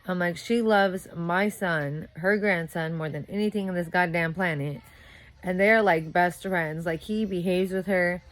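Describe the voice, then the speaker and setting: A sleep-deprived young new mother rants to the camera in a casual, profane monologue. Her voice sits a little low, and she keeps swearing as she gets heated. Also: a little slow. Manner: profane, ranting, grows louder and heated. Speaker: vlogger.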